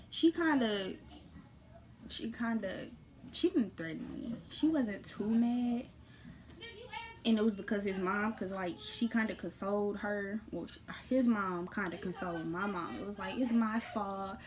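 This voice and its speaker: A woman telling a personal story to her viewers in a casual vlog, blunt and animated, jumping between loud bursts and quiet, hushed asides. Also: mid-range voice, a little slow, slight background noise.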